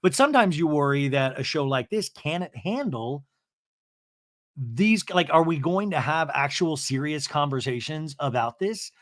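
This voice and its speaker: A man's voice: fairly high pitch, expressive, moderate pace, fairly bright tone, no room sound, studio quality. A man hosting a casual TV recap podcast, rambling and thinking aloud with many restarts. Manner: rambling, lots of you-knows and restarts. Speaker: podcast host.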